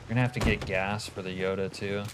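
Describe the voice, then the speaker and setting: A man's voice: lowish voice, fairly even intonation, quick pace, heavy background noise. A man streaming a game, chatting with viewers and muttering asides, swearing freely. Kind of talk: casual gameplay commentary.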